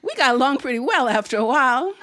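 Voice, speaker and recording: Animated higher-voiced woman storyteller. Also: fast talker, background noise. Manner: animated, chuckling, expressive.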